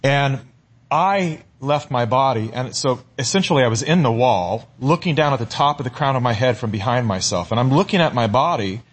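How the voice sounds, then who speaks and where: A middle-aged talk show guest, expressive and mid-range with a breathy edge, tells a personal anecdote. He sounds sincere and halting, often repeating words while looking for the next one.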